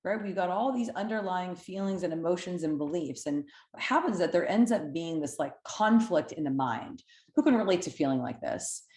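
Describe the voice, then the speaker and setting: Lively, chatty woman coach in echoey room. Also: lowish voice, moderate pace. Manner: lively, conversational, frequent "right?" check-ins. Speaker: weight-loss coach. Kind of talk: coaching talk to camera.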